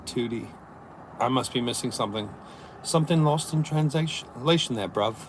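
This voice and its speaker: A man's voice: medium pitch, moderate pace, noisy background. A man who works as a service plumber chatting casually on a live stream from inside his work van, reading viewer comments and joking loosely.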